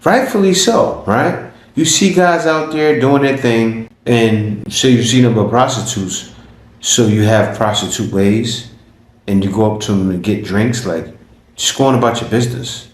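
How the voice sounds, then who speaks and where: A man hosting a reaction video, commenting in a casual, animated way and asking rhetorical questions. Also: mid-range voice, measured pace, reverberant.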